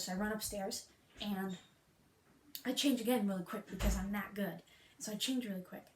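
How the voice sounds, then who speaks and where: A woman vlogger retelling a story in a hyper, fast, playful comedic way. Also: medium pitch, steady tone, slight background noise. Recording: echoey room with faint music.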